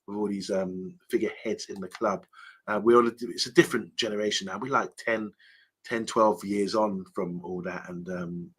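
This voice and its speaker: A man's voice: lowish voice, fairly even intonation, moderate pace, fairly bright tone, husky. A man hosting a casual fan live stream, chatting loosely and reading out viewer comments with lots of ums and restarts.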